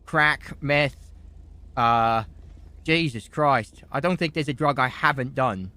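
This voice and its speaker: A man playing a rambling, shameless drug-addled defendant in an improvised game roleplay, stammering and excitable. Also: mid-range voice, slow, no room sound. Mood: boastful.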